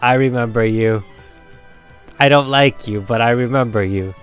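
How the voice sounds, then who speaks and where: A man's voice: mid-range voice, smooth, soft background music, natural voice. A man voicing a proud, boastful young male rival trainer who is a sore loser. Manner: rushed, boastful.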